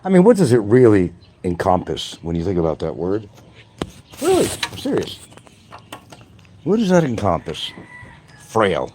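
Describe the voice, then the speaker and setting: An older man rants on a livestream in a low, dark voice that leaps around in pitch. He turns combative, veering from loud outbursts to low muttering, with a faint hiss of background noise. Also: wildly swooping pitch, unhurried, long pauses. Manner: combative, swings between shouting and muttering. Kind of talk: ranting livestream monologue. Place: island town, outdoors or at home.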